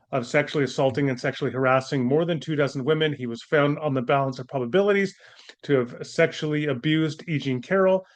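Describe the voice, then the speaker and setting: A man hosting an opinionated commentary monologue, talking in an indignant, scornful way and firing off rhetorical questions. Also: medium pitch. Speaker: commentator and apologist host.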